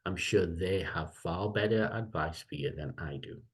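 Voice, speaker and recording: Low-voiced man giving rambling advice. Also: moderate pace. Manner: rambling, repeats himself, warm advice. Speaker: lecturer. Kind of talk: casual online meeting talk.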